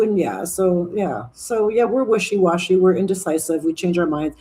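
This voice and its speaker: A woman's voice: fairly low pitch, expressive, normal speed, hardly any pauses, dark tone. A woman in her sixties hosting a live stream, chatting casually and rambling, with some swearing and asides to viewer comments. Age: 60s. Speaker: livestream host.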